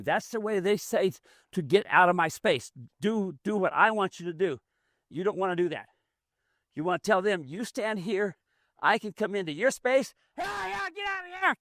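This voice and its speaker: This man explains as he goes while running an outdoor mule training demonstration, folksy and plainspoken, drawling with rural grammar. His pitch sits high and his tone is a bit bright. The sound is clean studio audio without any room sound.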